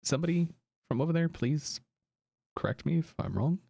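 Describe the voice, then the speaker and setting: A man's voice: on the high side, expressive, normal speed, vocal fry, warm tone, dry recording. An American man streaming a game, chatting casually with viewers, rambling and correcting himself as he goes. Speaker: gaming streamer. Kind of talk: casual live-stream chat.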